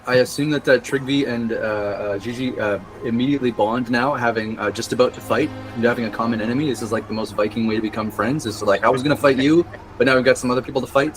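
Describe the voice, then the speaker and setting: A man's voice: medium pitch, fairly even intonation, quick pace, low-quality recording. A man playing a tabletop game, describing his moves in a rambling way full of fillers. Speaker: player. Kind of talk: casual tabletop play.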